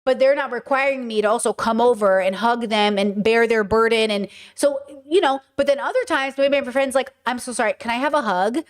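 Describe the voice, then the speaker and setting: A woman's voice: fairly high pitch, brisk, hardly any pauses. A woman hosting a casual chat stream, talking in an emphatic way with lots of fillers. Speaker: streamer and host.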